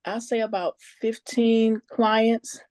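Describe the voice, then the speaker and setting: A woman speaks earnestly on a team call, plain-spoken and a little nervous. Her voice is mellow and mid-pitched. The sound is dry and close. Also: flat delivery, takes it slowly, dry recording. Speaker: guest team member sharing her story. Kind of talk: casual testimonial on a conference call.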